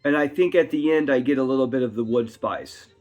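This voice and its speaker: A man's voice: medium pitch, a little fast, a little mellow. A man giving a rambling, chatty whiskey tasting review at home, full of asides. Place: his home. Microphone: camera on a tripod. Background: faint classical music.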